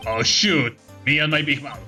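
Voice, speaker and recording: A low, gruff male detective voice, blustering and a little clumsy, as a woman puts him on for a let's-play. Game music hums behind. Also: normal speed, bright, forceful tone.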